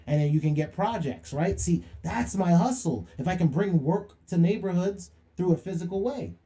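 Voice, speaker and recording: A man's voice: high-pitched, expressive, moderate pace, warm tone. A young man hosting a livestream monologue, preachy and slangy, firing rhetorical questions and calling people out. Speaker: livestream host.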